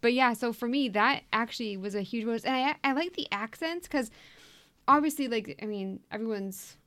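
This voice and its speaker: Chatty woman, slightly high voice. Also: moderate pace, a bit bright. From United States. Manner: chatty, many fillers and restarts. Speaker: podcast guest. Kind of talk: casual chat.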